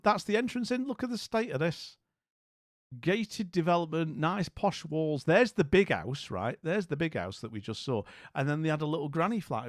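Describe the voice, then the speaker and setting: A man's voice: high-pitched, dry recording, clean studio sound. A man with an English accent hosting a casual livestream, rambling and jokey with lots of restarts. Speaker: livestream host.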